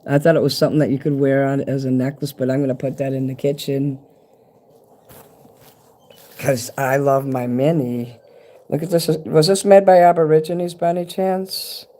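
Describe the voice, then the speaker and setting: At home with a handheld camera, this vlogger rambles and swears cheerfully while unboxing something a fan sent him, easily delighted. The voice is mid-range and dark in tone, level in delivery, at a normal speed.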